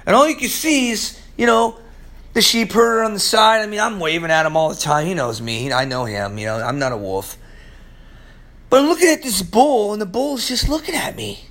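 A man preaching a sermon, telling stories with big swings between loud excitement and hushed, low moments. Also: moderate pace. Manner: animated storytelling preacher, swinging from loud highs to hushed lows. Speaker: pastor.

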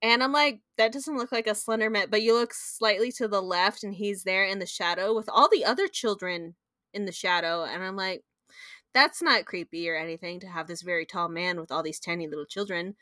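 A woman's voice: mid-range voice, a little fast, sharp tone, no echo, clean studio sound. A young woman co-hosting a podcast, chatting casually and telling stories animatedly with playful sound effects and laughter. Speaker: podcast co-host. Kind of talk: casual chat.

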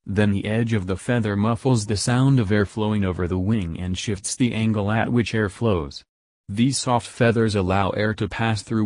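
Low-voiced man reading nature facts. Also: dry recording, studio quality. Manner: even, informative reading. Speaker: podcast host. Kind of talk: scripted narration.

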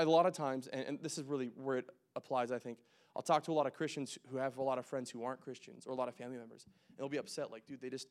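A young man preaching a casual, conversational sermon, joking and making quick asides as he works through scripture. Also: medium pitch. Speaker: pastor.

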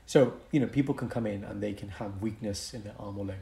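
A young man with a lowish voice co-hosts a relaxed podcast. He explains medical topics with lively, animated energy. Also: fast talker, vocal fry. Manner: explanatory, animated, breaks into mock accents for fun. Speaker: podcast co-host, doctor. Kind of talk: casual podcast chat.

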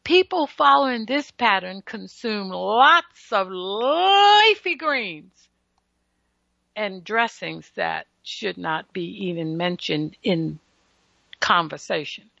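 A woman's voice: medium pitch, sing-song, takes it slowly, creaky, bright, forceful tone, no echo. A woman hosting a solo radio health talk, lecturing listeners with emphatic, teasing asides. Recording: dull lo-fi radio broadcast audio.

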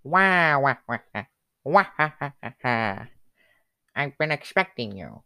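A man's voice: mid-range voice, very animated, slow pace, creaky, pushed and bright, clear, resonant tone, dry recording, studio quality, full character voice. A man voicing a smug male Waluigi villain who cackles with nasal wah cries. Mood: gloating.

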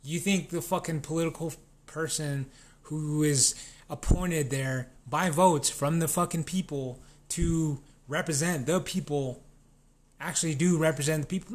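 A man's voice: a little high, fairly even intonation, measured pace. A man in a casual, rambling rant, swearing constantly and restarting his sentences. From New Mexico.

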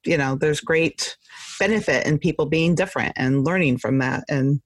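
A podcast co-host in casual chat, speaking in a measured, thoughtful way. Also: medium pitch, husky, no echo.

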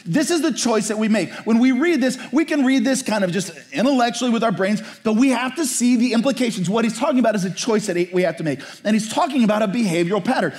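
A man's voice: high-pitched, expressive, fairly quick, hardly any pauses. A man preaching a sermon in a conversational way, often asking his listeners "right?". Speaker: pastor.

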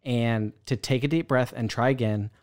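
A man's voice: medium pitch, fairly even intonation, normal speed, darkish tone. A man in his thirties co-hosting a casual podcast chat, talking in rambling sentences with frequent restarts. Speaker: podcast co-host.

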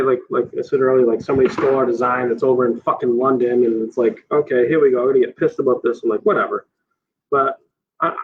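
A man in casual chat, rambling in a laid-back way and swearing casually. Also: medium pitch. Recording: slightly dull sound with faint noise.

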